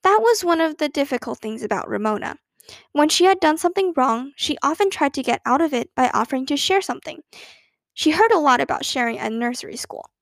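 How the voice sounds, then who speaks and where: A woman reading a children's book aloud in a gentle, expressive way. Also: high voice, a little fast, gravelly, dry recording. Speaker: storyteller.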